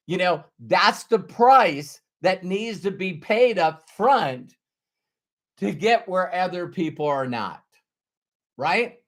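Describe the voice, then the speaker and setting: Middle-aged man, sales trainer type; high voice, unhurried, earnest, hammers his points by repeating them. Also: fairly bright tone. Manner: earnest, emphatic, repeats key phrases. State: choked up with emotion. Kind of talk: motivational talk to camera.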